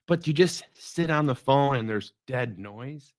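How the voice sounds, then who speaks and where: A middle-aged man hosting a devotional talk, musing in a conversational way that often trails off quietly. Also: medium pitch, expressive, a little slow, no room sound. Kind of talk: reflective spoken devotional.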